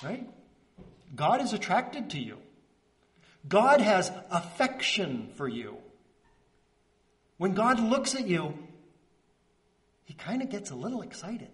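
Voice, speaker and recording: A man preaching a conversational sermon as pastor, earnest and checking in with the congregation, slowing into soft pauses on key words. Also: high voice, big pitch swings. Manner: earnest, checks in with "right?" and "okay?".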